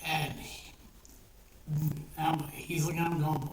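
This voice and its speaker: Retelling a short story they wrote, this online storyteller speaks casually and profanely, rambling with many fillers and restarts. A medium-pitched voice moves at a moderate pace, recorded from a distance in a roomy space with a little background noise.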